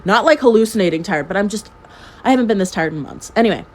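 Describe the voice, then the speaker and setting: A woman's voice: medium pitch, lively intonation, fast. A very tired young woman at home telling a messy personal story in casual chat, swearing freely and laughing often. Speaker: storytime vlogger. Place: at home with her cat.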